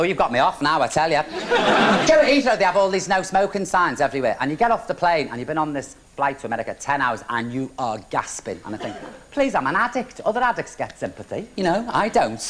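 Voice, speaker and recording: A man's voice: on the high side, a little hiss or hum. A man doing a brassy bawdy woman comic. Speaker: comic host taking audience questions. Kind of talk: stand-up comedy before a studio audience. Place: TV studio stage. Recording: TV studio with loud audience laughter.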